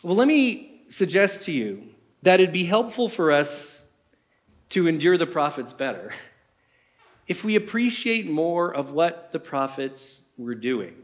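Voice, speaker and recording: A man's voice: fairly high pitch, sing-song, measured pace. A man preaching a sermon in a conversational way, asking his listeners many rhetorical questions.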